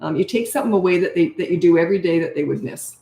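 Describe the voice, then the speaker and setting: She races through her answers in a fairly low, mellow voice with vocal fry. A middle-aged parenting coach doing a live Q&A, she replies to viewer comments bluntly, often with "okay?" or "right?", and the recording carries a roomy echo.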